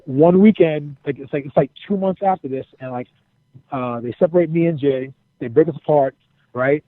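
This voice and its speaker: A man's voice: a little high, moderate pace, dry recording, narrow, tinny audio. A man telling a backstage story casually and animatedly, acting out quotes and swearing freely. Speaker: interview guest, former wrestler.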